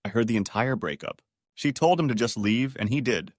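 A man narrating a string of short online stories in a steady, scripted reading voice. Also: mid-range voice, a little fast, no echo, studio quality.

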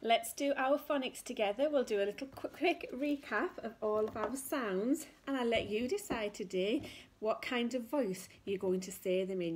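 A woman teaching small children their letter sounds in a slow, sing-song, encouraging way. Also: fairly high pitch, slightly rough. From England. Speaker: nursery teacher. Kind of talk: children's phonics lesson.

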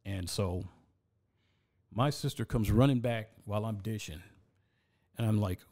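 A man telling an animated story as a podcast guest in a studio, laughing as he goes. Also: on the low side, measured pace. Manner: animated storyteller, laughs through his tale. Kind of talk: casual storytelling.

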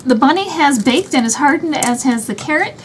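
A woman with a high, light voice walks through a craft project one step at a time, chatty and easygoing. A faint hum of room ambience sits under her voice. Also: animated, fairly quick. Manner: chatty, explains each step as she works. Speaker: craft channel host.

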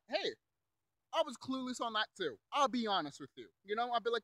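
A man's voice: extremely high pitch, lively intonation, a little fast, fairly bright tone, dry recording, low-quality recording. A young man delivering a heated, profane rant, repeating himself and mocking others in put-on voices. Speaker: YouTube commentator. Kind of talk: angry rant.

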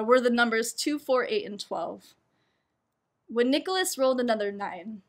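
Brief: young woman storyteller, fairly high voice, laughs through her lines, self-mocking and lively. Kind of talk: personal storytelling performance.

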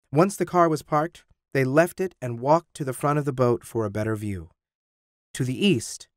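A man narrating an audiobook with expressive storytelling. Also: mid-range voice, dry recording, studio quality. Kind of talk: scripted narration.

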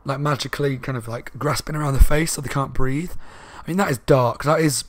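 A man giving a casual spoken book review, talking fast and loud and rambling along with asides. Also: medium pitch, no echo.

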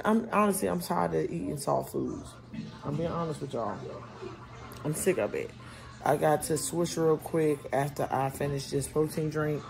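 A woman in her forties chatting casually to her viewers at home and in the car. She rambles, talks straight to camera, and cannot open her mouth fully after tooth extractions. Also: low voice. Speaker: vlogger and mother. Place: at home, later in a parked car.

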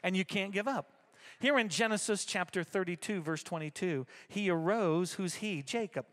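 A middle-aged man preaching in church with a high, ringing voice that sits well above most men's. He drives his points home through repetition and keeps calling out to the congregation for responses. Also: normal speed, a bit bright. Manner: emphatic, repetitive, rallying the congregation. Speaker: pastor. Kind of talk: sermon. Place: church service.

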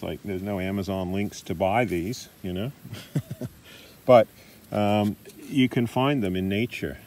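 A middle-aged Australian man demonstrating massage techniques in a relaxed, chatty way, recorded in a park. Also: low-pitched. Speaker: massage teacher. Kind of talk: casual demonstration. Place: park outdoors.

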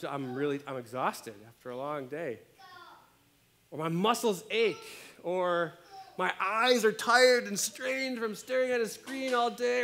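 A man delivers a sermon in a relaxed, conversational style, often tossing in "right?" to his listeners. His voice sits a bit high and moves around a lot. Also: slight background noise. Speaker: pastor. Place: church.

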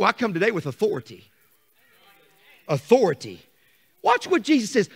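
A man preaching a sermon to his congregation, animated, dropping to quiet asides and rising to shouts. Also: high voice, moderate pace, long pauses, slightly rough. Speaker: pastor. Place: church sanctuary. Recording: long hall reverb.

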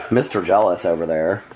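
A man vlogging casually, chatty and laughing often as he talks to his pets. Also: sits low. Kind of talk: casual daily vlog chat.

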